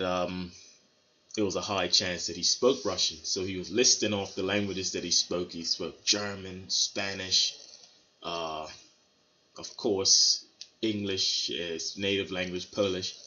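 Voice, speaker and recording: Low-voiced man rambling through a story. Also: pushed and bright. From Bermuda. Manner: rambling, many fillers and restarts. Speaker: vlogger. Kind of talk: casual storytelling to camera. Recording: slightly dull lo-fi sound with faint noise.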